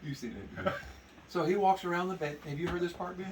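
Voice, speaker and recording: A man telling an animated story to a men's meeting, laughing as he talks. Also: sits high, fast talker, crowd noise. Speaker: testimony speaker at men's meeting. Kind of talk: casual storytelling to a group. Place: indoor meeting room. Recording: distant mic with background noise.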